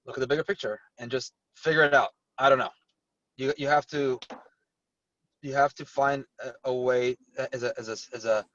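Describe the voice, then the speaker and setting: A man's voice: mid-range voice, no echo, far from the mic, lo-fi sound. A man working as a real estate agent, talking candidly on a video call panel, rambling with many restarts.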